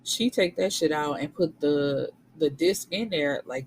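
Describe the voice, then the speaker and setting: A woman's voice: deep voice, normal speed, few pauses, slight background noise, low-quality recording. Slangy woman recapping a book. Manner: slangy, animated, swears freely. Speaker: book reviewer.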